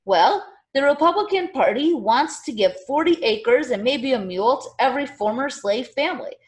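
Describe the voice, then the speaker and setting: A woman voicing a loud, eager Northern male political organizer who rallies a crowd with speeches. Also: very high-pitched, expressive, moderate pace, reverberant, voice pushed up. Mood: rallying. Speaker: party organizer.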